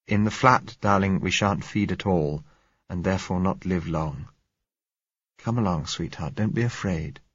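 A man's voice: low voice, a little slow, husky, no echo, highs cut off, heavily acted. A man playing a tender, soothing young man. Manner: soft, soothing.

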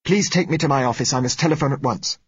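A man's voice: medium pitch, normal speed, husky, no room sound, muffled recording, pitched above the performer's own voice. A man voicing a frightened blind male doctor who turns bitter and irritable. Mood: urgent. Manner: demanding, bitter outbursts.

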